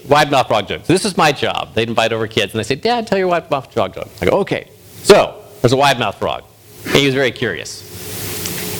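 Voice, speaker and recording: Male pastor, folksy and self-deprecating, lively pitch, light tape hiss. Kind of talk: sermon.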